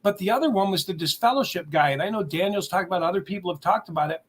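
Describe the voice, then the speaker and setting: A man's voice: high voice, quick pace, slightly rough. A man telling an emotional personal story on a talk show, earnestly acting out what he said back then. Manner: earnest, emotional retelling with acted-out quotes.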